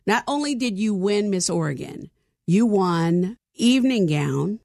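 A woman's voice: mid-range voice, animated, a little slow, vocal fry, darkish tone, no room sound, clean studio sound. A woman hosting a talk-show interview in a playful, joking way, laughing often.

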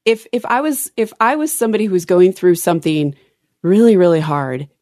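A woman's voice: on the low side, a little fast, dry recording, studio quality. A woman co-hosting a podcast, chatting casually about a Bible reading, quoting verses and breaking off mid-thought. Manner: expressive, reads scripture aloud, self-interrupting. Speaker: podcast co-host. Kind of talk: casual Bible study chat.

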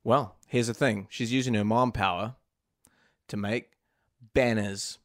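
A man's voice: lowish voice, fairly even intonation, a little slow, no echo, studio quality. A man co-hosting a comedy podcast, chatting and joking with plenty of restarts. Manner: rambling, jokey, frequent restarts. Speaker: podcast co-host. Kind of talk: casual comedic chat.

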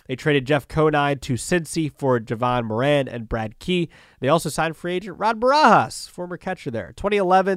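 A man's voice: mid-range voice, dry recording, clean studio sound. Chatty male sports podcast host. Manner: loose and conversational, with many fillers and restarts. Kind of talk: casual solo sports talk.

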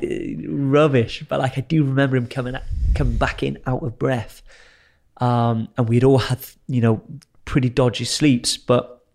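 A man's voice: mid-range voice, a little mellow. A young man, an explorer, telling a story casually and animatedly, swearing freely and acting out what people said. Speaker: explorer telling his adventures as a guest.

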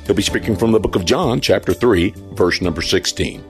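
Man, announcer, lowish voice, lively intonation, soft music underneath. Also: fairly quick, vocal fry. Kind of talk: scripted introduction. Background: music bed.

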